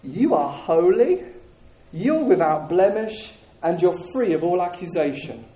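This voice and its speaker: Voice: medium pitch, sing-song, measured pace, mellow. Preacher in an echoing hall. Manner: emphatic, repeats key phrases, jokes with the congregation. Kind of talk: sermon.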